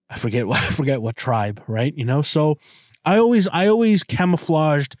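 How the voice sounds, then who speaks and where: The podcast host is a man in his thirties whose voice is a little high, speaking at a moderate pace. There's no echo, just clean studio sound. He gives a casual, rambling monologue that's crude and profane, with frequent restarts.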